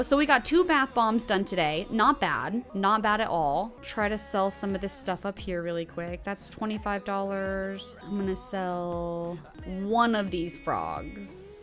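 A woman streamer giving bubbly, chatty commentary while playing a life-sim game, often gasping with excitement and talking to her viewers. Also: medium pitch. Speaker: gaming streamer. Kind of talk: casual gameplay commentary.

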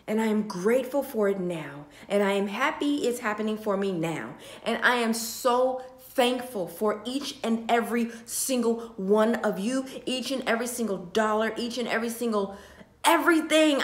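Tearful young woman vlogger, roomy echo. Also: a little high. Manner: heartfelt, repetitive, swinging between hushed and loud. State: tearful, sighing. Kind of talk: emotional talk to camera. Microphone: phone camera.

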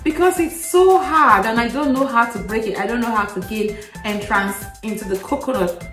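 A woman's voice: a little high, normal speed, a bit bright, recorded from a distance. A woman from Nigeria chatting casually to her viewers as a vlogger, laughing often and telling stories with animation. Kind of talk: casual chat to camera. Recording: echoey room, faint music, off-mic.

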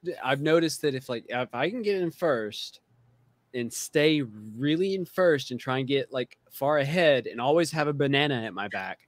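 A man's voice: medium pitch, lively intonation, moderate pace, dry recording. A man hosting a casual podcast chat who laughs often while joking. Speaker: podcast host.

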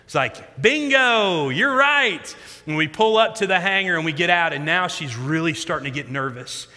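A man in his thirties preaching a sermon as a pastor, telling stories in an animated way that moves between loud emphasis and quiet reflection. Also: a little high, fast talker. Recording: long hall reverb.

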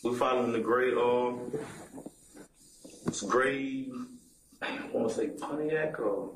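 A man being questioned in a police interview room, talking in casual street slang, halting and repeating words as he goes. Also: mid-range voice, reverberant, noisy background. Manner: casual street slang, keeps checking he is understood.

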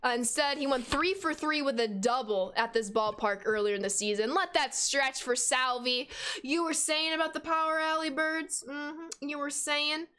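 A young woman in her twenties streaming a baseball video game, chatting with viewers and reacting with sudden excited squeals. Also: sits high, normal speed. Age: 20s. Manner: chatty, reads out and answers chat while playing. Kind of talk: casual game stream chat.

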